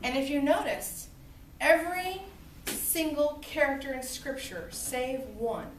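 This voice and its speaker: Woman, literature teacher, high pitch, classroom lecture, animated storytelling, echoey distant recording, faint room noise. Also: measured pace. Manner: animated storytelling with acted-out quotes.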